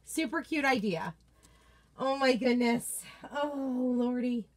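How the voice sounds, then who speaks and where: A woman's voice: high voice, takes it slowly. A woman hosting a casual live unboxing, chatty and gushing as she reads out viewer comments. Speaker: craft product consultant and host.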